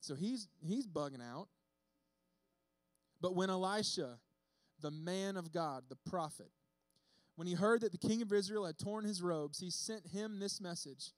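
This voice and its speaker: A bearded preacher whose voice sits high for a man gives a sermon in a relaxed, unhurried, conversational style. He tells the story with animation, slipping into acted-out voices for its characters, and the sound is dry and close with little room echo.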